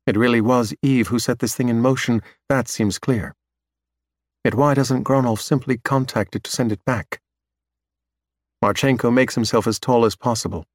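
Male audiobook narrator, steady scripted reading, mid-pitched, dry close sound. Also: no room sound.

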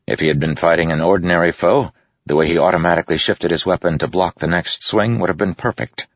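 A man narrates a fantasy story in a measured, dramatic way. His voice is very deep, gravelly and husky. The recording is dry and somewhat dull. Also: fairly even intonation, no room sound. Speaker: audiobook narrator. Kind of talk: scripted narration.

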